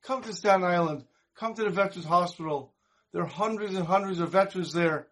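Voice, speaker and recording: A man's voice: sits high, brisk, fairly bright tone. A man voicing a persistent male TV host who coaxes and insists, as he retells a story. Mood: coaxing. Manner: coaxing, insistent.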